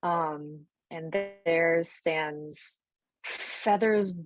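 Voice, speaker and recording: Relaxed woman game master, low voice. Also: drawn-out words, music in the background, poor audio. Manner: relaxed, descriptive, loose. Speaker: tabletop role-play game master. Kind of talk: narrating a tabletop game. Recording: dry close sound.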